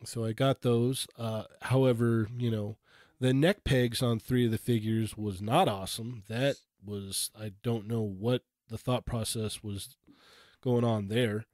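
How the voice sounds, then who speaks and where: A man on a podcast casually telling a shopping story, acting out his quotes with animated voices. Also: lowish voice, a little slow, dry recording, clean studio sound. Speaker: podcast co-host.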